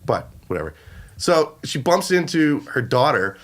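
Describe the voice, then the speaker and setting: A young man co-hosting a podcast, telling a rant in a casual, animated way with swearing. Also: medium pitch, a little slow. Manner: animated, swearing, acts out quotes. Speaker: podcast co-host. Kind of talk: casual ranting story.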